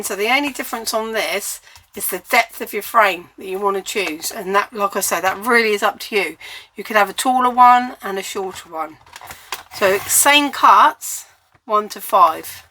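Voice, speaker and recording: A woman's voice: mid-range voice, pushed and bright, slight background noise. An English woman giving a chatty, step-by-step cardmaking tutorial while she works at her crafting table.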